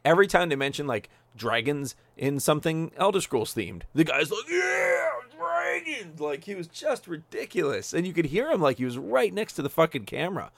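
A man co-hosting a podcast, joking around and tossing off sarcastic asides. His voice rises and falls a lot, with a gravelly texture. The sound is dry and close to the mic. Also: on the high side, fairly quick, hardly any pauses, no room sound. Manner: animated, jokey, sarcastic asides. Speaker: podcast co-host. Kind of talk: casual podcast chat.

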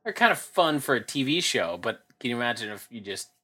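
A man co-hosting a podcast who chimes in with quick corrections and side comments. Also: mid-range voice, big pitch swings, pushed and bright. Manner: chiming in with quick corrections and asides. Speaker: podcast co-host. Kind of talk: casual chat.

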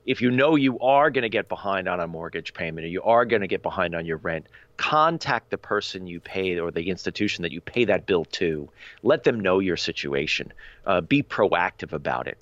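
Low-voiced man on a dull, dry line. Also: a bit bright, no room sound. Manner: earnest and opinionated, many fillers. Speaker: podcast co-host. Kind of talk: casual podcast discussion.

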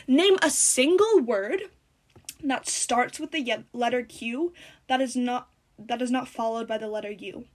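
Teen girl, high voice, casual vlog chat, sarcastic, rambling, chewing gum. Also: measured pace. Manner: rambling, sarcastic, animated storytelling; chewing gum while talking. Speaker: vlogger.

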